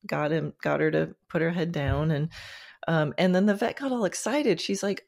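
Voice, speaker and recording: A woman's voice: deep voice, moderate pace, vocal fry, a little mellow. A woman hosting a podcast interview, talking in an enthusiastic, casual way with many fillers and restarts. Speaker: podcast host.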